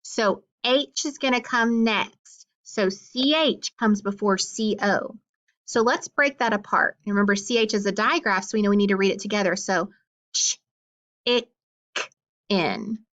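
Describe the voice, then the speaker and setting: A woman teaching a phonics lesson to young children, sounding out letters and words slowly and praising answers. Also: mid-range voice, a bit bright. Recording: slightly dull, lo-fi recording.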